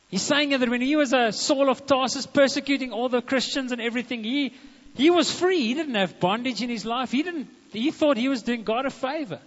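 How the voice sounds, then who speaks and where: A man, a pastor preaching a sermon in a church, animated and speaking straight to the congregation. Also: very high-pitched, fairly quick. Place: church hall. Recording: dull muffled echoing hall recording.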